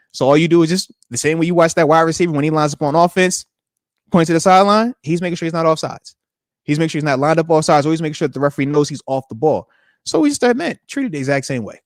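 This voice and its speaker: A man's voice: a little high, no echo, clean studio sound. A man hosting a podcast, chatting casually and acting out quotes in slangy banter. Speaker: podcast host, retired linebacker. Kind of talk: casual chat.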